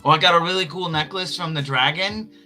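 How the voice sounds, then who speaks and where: A man with a bright, forceful voice stumbles through his introduction, unsure what to say. Faint music plays behind him. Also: fairly high pitch, fairly quick. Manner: hesitant, stumbling over words. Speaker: player.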